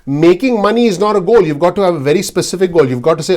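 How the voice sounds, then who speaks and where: A man's voice: high-pitched, racing, hardly any pauses, a little mellow. A man giving blunt, earnest investing advice straight to his video audience. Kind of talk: direct-to-camera advice talk.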